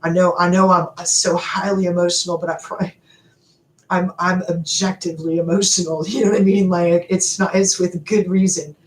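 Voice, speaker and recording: A middle-aged woman hosting a live stream, talking to viewers in an animated, emotional and rambling way, often laughing. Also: lowish voice, normal speed. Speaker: livestream host. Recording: echoey room with faint background noise.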